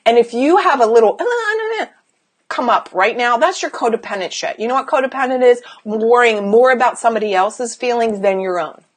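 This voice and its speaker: A woman's voice: fairly high pitch, brisk, hardly any pauses. A woman business coach giving a blunt, emphatic motivational talk to camera, swearing freely and firing rhetorical questions at the viewer.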